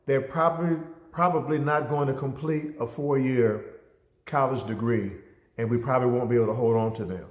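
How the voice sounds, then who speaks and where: A man from Ohio tells a personal story in a lively storytelling style. His voice sits in a middle range and gets roomy echo around it. He jumps his pitch way up to act out the voices in his story. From Ohio, USA. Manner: animated storyteller, acts out dialogue with big pitch jumps. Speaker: motivational speaker.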